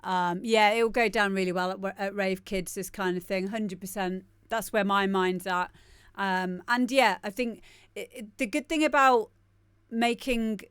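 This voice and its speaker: A woman's voice: mid-range voice, fairly even intonation, a little slow, fairly bright tone, clear, resonant tone, no room sound, studio quality. A woman DJ hosting a live-stream show, giving chatty, rambling commentary on the tracks and laughing often. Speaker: DJ and show host.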